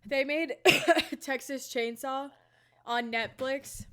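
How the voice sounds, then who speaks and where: A woman's voice: high-pitched, slow, fairly bright tone, clear, resonant tone. A woman co-hosting a movie podcast, blunt and fired-up, swearing often. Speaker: podcast co-host. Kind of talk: casual movie podcast chat.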